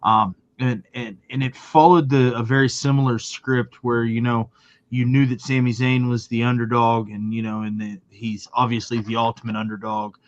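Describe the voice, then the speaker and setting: A man co-hosting a podcast, talking in a measured, casual way with lots of fillers. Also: medium pitch, level tone, lo-fi sound. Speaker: podcast co-host. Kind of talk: casual chat.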